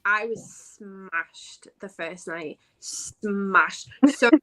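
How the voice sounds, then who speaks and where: A woman guest telling stories in a casual chat, self-deprecating and animated. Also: medium pitch, drawn-out words. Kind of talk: casual storytelling.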